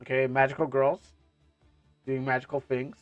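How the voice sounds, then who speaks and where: A man chatting on a live stream in a loose, rambling way, full of restarts and stammers. His voice sits at an ordinary middle pitch, and it was recorded close and dry with no room sound. He keeps breaking off into joking asides as he reacts. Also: flat delivery, moderate pace, dry recording, dull audio, faint music behind.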